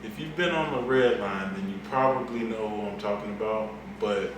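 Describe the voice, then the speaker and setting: A man's voice: fairly low pitch, normal speed. A young man casually telling a story, laid back and slangy. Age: young adult. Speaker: student interviewee. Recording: echoey room, distant mic, background noise.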